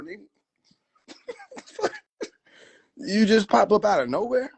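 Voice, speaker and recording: A man's voice: high-pitched, big pitch swings, slow pace, long pauses, breathy edge. A man riffing in a casual livestream, profane, slangy and laughing often. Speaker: livestream host.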